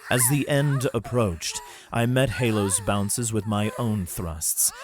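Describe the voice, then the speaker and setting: A man narrating an adult fantasy audiobook in the first person with a low voice. He reads in a steady, even way. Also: takes it slowly, noisy background.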